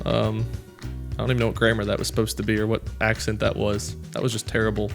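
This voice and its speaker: A man's voice: lowish voice, fairly even intonation, fast talker, vocal fry, faint music behind. A man reading viewer comments aloud and chatting casually, in a rambling, self-deprecating way with many fillers. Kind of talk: casual chat.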